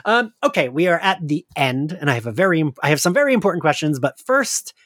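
A man's voice: fairly high pitch, very animated, fast, fairly bright tone, no echo, studio quality. A man hosting a casual chat, laughing often and talking with plenty of fillers. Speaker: podcast host.

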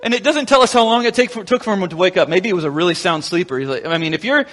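Pastor, male, high voice, lively storyteller who acts out quotes, long reverb of a large hall. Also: racing. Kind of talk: sermon.

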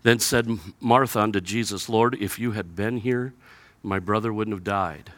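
A male pastor preaching a sermon, animated and acting out the people in the stories with sarcasm, then dropping low and quiet to read scripture. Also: normal speed, no echo. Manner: animated, acts out biblical characters with sarcasm.

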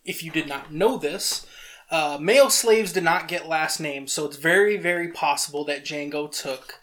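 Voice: mid-range voice, a bit bright. Laid-back podcast co-host voice. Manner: laid-back, quick agreeing, occasional swearing. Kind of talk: casual chat.

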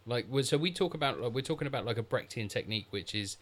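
A man's voice: medium pitch, animated, fast, a bit bright. A man co-hosting a film review podcast, talking in an analytical, rambling way. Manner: analytical, rambling with many "like" fillers. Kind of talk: casual film review chat.

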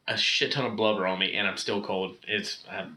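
A man chats as a podcast guest, teasing and crude. His voice is bright and sharp. He sounds like he is in an echoey room. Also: on the low side, fairly even intonation, fairly quick. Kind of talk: casual chat.

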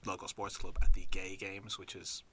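A man's voice: low-pitched, monotone, moderate pace, bright, forceful tone, a little hiss or hum. A man on a podcast describing a documentary, hesitant, with many "um"s and "kind of"s. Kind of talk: casual film review chat.

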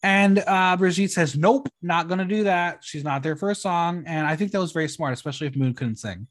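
A podcast host recapping a show in casual chat. The talk is quick and easy, with wry, deadpan little asides dropped in between. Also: medium pitch.

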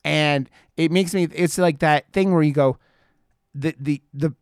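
A man's voice: fairly high pitch, a little slow, clean tone, no room sound, studio quality. A man in his thirties chatting casually, rambling with lots of fillers and frequent swearing. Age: 30s. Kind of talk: casual chat.

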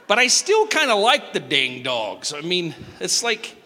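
A high-voiced, bright man in his fifties preaching a sermon with a lively, rising and falling delivery. He tells stories with a joking touch and sudden leaps in pitch. His voice rings out with a long echo from a large hall. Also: a little slow. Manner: animated, joking storyteller with sudden pitch jumps. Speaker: pastor.

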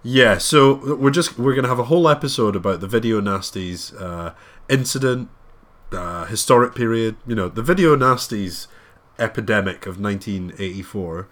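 A man's voice: fairly low pitch, expressive, normal speed, fairly bright tone. A man co-hosting a casual podcast, talking in a rambling, jokey way with many restarts. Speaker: podcast co-host.

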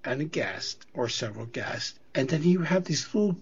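A man's voice: on the high side, expressive, moderate pace, breathy edge. A middle-aged man from the US East Coast, co-hosting a podcast in casual chat; he rambles, restarts and swears. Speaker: podcast co-host. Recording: dull lo-fi audio.

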